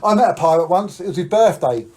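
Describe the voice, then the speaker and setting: A man's voice: sits high, lively intonation, fast talker, a little mellow, husky. A man hosting a live-streamed show, chatting playfully with viewers while doing card tricks and telling silly stories. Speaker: magician and live show host.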